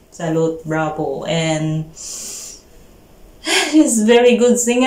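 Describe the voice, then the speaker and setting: A woman with a Filipino accent hosting a reaction video, speaking emotionally and haltingly, with pauses and fillers. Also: lowish voice, a little mellow, roomy sound, slight background noise. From Philippines. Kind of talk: casual reaction commentary.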